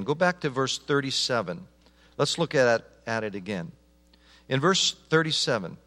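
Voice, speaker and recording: Preaching man in a reverberant hall. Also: fairly high pitch. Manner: swings from raised emphatic lines to soft, slowed, hushed ones; repeats words and restarts phrases. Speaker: pastor. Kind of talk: sermon. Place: church sanctuary. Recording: long reverb of a large hall.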